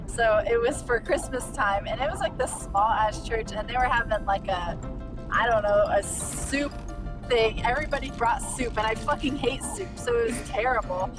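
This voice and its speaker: A young woman tells a story among friends, swearing casually and laughing as she goes. Her voice sits a little high and comes from away from the mic. Music plays clearly behind her. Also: moderate pace, recorded from a distance.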